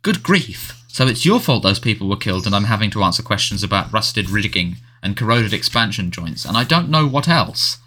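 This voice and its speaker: A man voicing an irritable middle-aged male prime minister who blusters with sharp, indignant outbursts. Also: medium pitch, sing-song, fairly quick.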